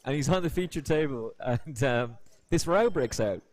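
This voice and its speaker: Chatty poker commentator. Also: male voice, mid-range voice, expressive, dry recording. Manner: chatty storyteller, quick to slip into voices.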